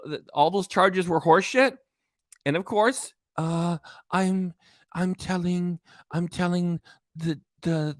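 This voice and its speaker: A man's voice: a little high, no room sound. Man, livestream host, rambling, lots of uhs, reads out comments, dry close sound. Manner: rambling, many uhs and restarts, reading out commenters.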